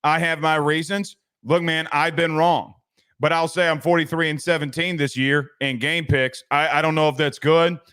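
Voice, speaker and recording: A man's voice: fairly high pitch, level tone, normal speed, sharp tone, clean tone. A man hosting a sports podcast, chatting loosely and reading viewer comments, with frequent restarts and casual swearing.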